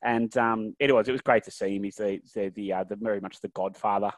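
A man's voice: lowish voice, steady tone, fast, dry recording. A man co-hosting a podcast, enthusiastic and swearing in a casual chat. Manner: enthusiastic, swearing, lots of yeah. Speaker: podcast co-host.

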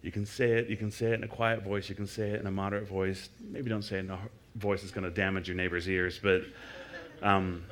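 A middle-aged man giving a sermon in a church, talking casually with many restarts and sometimes sinking into soft, murmured prayer. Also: sits low, flat delivery. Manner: conversational, halting with many restarts. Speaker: guest speaker. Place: church service before a congregation.

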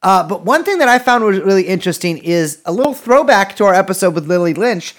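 A man's voice: sits high, very animated, fast talker. A man co-hosting a casual political podcast, joking around, swearing freely and often restarting his sentences. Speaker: podcast co-host.

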